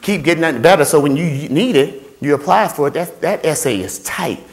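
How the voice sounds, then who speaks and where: A man giving an animated motivational talk to students about finding scholarships, playful and repetitive, acting out voices and sounds. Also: on the high side, a little fast. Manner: playful, repeats phrases, acts out voices and sounds. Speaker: scholarship workshop speaker.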